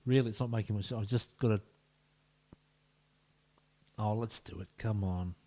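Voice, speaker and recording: A man's voice: lowish voice, normal speed, warm tone. A man, streaming a football management game and talking playfully to each player, often dropping to a whisper. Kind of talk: live-streamed game commentary.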